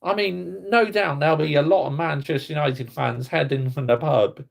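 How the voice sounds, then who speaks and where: On a casual livestream, a football fan streamer rants bluntly to his chat viewers, swearing as he discusses the game. His voice is on the high side and creaky, delivered at normal speed in a heated manner.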